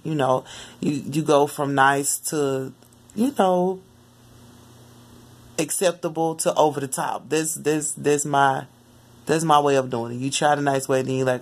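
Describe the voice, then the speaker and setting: A mother telling the story of a dream in casual, rambling vlog talk, often jumping into lively quoted asides. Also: low voice, normal speed. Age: adult mother. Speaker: spiritual vlogger.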